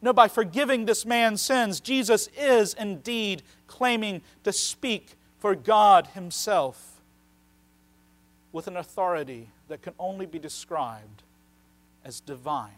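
A pastor delivers a sermon in a notably high voice. He speaks earnestly, drawing out key phrases for emphasis. His loudness swings widely between loud stresses and hushed asides. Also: slow pace.

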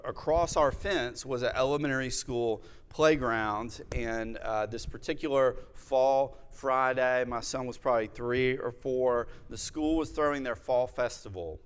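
A pastor in his thirties delivers a sermon in a smooth, resonant voice of ordinary pitch. He speaks in a measured, reflective way and weaves in personal stories. His words trail into the long echo of a large church hall. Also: a bit bright.

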